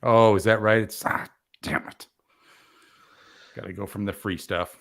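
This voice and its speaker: Low-voiced man, relaxed and plain. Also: measured pace, vocal fry, no echo, clean studio sound. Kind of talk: casual chat.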